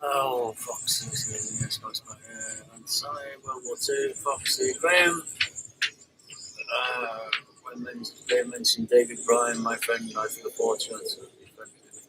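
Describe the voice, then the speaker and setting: A man's voice: mid-range voice, steady tone, unhurried, music in the background, rough recording. Rambling older man, chatty host. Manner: rambling, chatty, with frequent fillers and restarts. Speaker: live-stream host. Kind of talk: casual live-stream chat reading comments.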